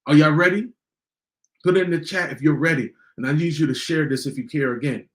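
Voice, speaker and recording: A man's voice: a little high, brisk. A man hosting a podcast, giving a motivational talk in a preachy way and repeating lines for emphasis. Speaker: podcast host.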